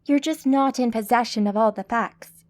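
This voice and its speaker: A woman narrator voicing a calm, formal, centuries-old female mage, in an audiobook. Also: a little high, moderate pace, close to an everyday voice. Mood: composed.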